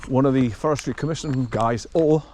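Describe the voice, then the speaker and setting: A man's voice: medium pitch, a little fast, a little mellow, slight background noise. A man rambling chattily to the viewer as he walks a rural forest track outdoors. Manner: rambling, chatty, talks to the viewer while walking. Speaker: walker filming his hike. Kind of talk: casual walking narration.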